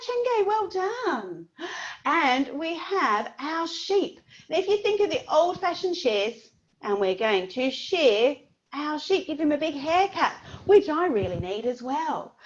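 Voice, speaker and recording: A woman leading a parent-and-baby signing class, animated and sing-song, making animal noises for the little ones. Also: sits high, highs cut off.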